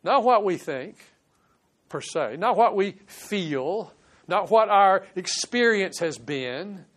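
A man's voice: high voice, expressive, takes it slowly, a bit bright. A man preaching a conversational Bible sermon, explaining verses and sometimes acting out quoted voices. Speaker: pastor.

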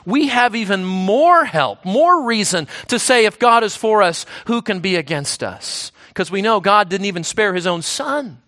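A man preaching a sermon as pastor, earnest, repeating himself and dropping to a hushed voice on key lines. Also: high-pitched, dry recording, clean studio sound.

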